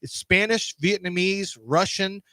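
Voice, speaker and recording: A man with a high voice talks on a radio show, spinning a story with lively acted-out voices. His voice is close and dry on a studio mic, with no room sound. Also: a little slow, no echo. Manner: animated storyteller who acts out voices. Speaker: sports radio host. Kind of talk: casual studio banter.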